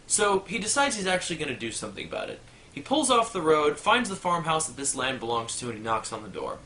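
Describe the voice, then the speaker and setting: A man rattling off dirty jokes in an animated delivery, jumping in and out of character voices. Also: fairly high pitch, fast talker, a little hiss or hum. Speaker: joke teller. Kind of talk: rapid-fire dirty joke telling.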